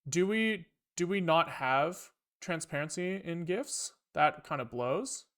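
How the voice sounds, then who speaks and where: High-voiced man thinking aloud while coding. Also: animated, takes it slowly, fairly bright tone. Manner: rambling, thinking aloud, profane, wry asides to chat. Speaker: programming livestreamer. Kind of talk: casual live coding talk.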